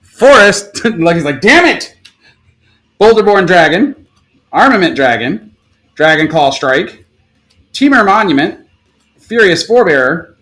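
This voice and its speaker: A man hosting a casual live stream, rapidly listing names and breaking into excited outbursts and curses. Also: high-pitched, poor audio. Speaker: live stream card seller.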